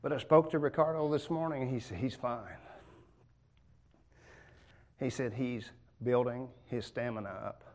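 A man's voice: medium pitch, a little slow, pauses often, darkish tone. A man preaching a sermon in a church, folksy and joking in a conversational way.

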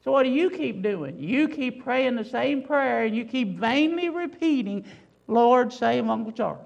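In a somewhat mellow, high, gravelly voice with a creaky edge, a woman delivers an emphatic, expressive sermon at a moderate pace. Rhetorical questions carry her argument one after another. The audio sounds dull.

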